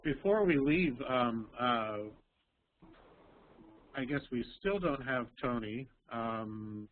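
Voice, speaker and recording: A man teaching English in an online language lesson, explaining slowly with many pauses and ums over a video call. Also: medium pitch, lively intonation. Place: Texas. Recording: tinny call audio, faint hiss.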